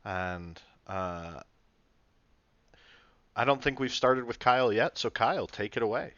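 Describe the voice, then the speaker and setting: A man's voice: mid-range voice, fairly even intonation, fast talker, fairly bright tone, dry recording. A man hosting a casual panel discussion about tabletop role-playing, rambling with many fillers and restarts. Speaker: podcast host and dungeon master. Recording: dull dry lo-fi sound.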